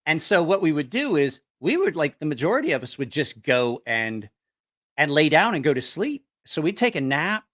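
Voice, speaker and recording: A man hosting a knife-sales channel, telling a rambling, profane story in a casual, animated way. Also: on the high side.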